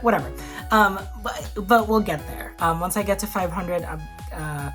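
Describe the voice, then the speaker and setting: A woman hosts her own cooking vlog from a home kitchen, talking through a recipe in a chatty, upbeat way. Her voice sits in an ordinary middle pitch, and she fills her sentences with casual "like" and "um". Soft music plays faintly underneath. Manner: chatty, upbeat, full of "like" and "um" fillers. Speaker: cooking show host.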